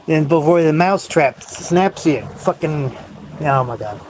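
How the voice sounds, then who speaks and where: A man's voice: fairly high pitch, takes it slowly. Brooding man rambling on a noisy livestream. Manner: brooding, rambling, bitter about life. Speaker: livestream host. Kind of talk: rambling solo livestream monologue.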